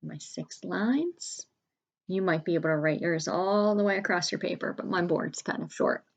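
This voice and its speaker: At a whiteboard, a woman leads young children through an early-grade spelling lesson, carefully sounding out letters and words. Her voice is gravelly and fairly low, at a moderate pace.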